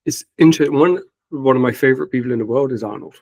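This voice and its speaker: A man hosting a podcast who asks measured, reflective questions. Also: mid-range voice, darkish tone, no room sound. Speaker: podcast host. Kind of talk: interview questions.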